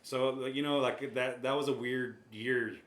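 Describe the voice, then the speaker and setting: A man's voice: mid-range voice, fairly even intonation, normal speed, fairly bright tone. Easygoing man in a roomy space. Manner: easygoing, laughs often, hesitant. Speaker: guest, music label owner. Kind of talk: casual interview answers. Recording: roomy echo.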